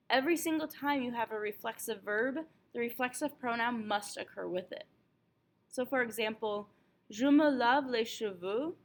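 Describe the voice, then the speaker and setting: A woman teaching French, calmly going over a test review and slowing down for example phrases. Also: fairly high pitch. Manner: clear, patient explaining with slowed example phrases.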